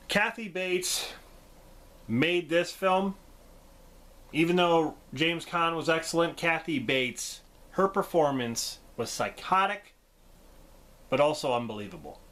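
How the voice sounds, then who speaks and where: Bright, lively male movie vlogger. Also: on the high side. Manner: enthusiastic, gushing, laughs often. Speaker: YouTube movie reviewer. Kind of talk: casual vlog movie review.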